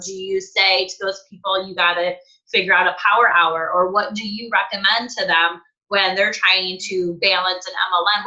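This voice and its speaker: Woman co-host asking about balance, bright clear tone, kinda dull lo-fi sound. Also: mid-range voice. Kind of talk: interview question. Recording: dull lo-fi recording.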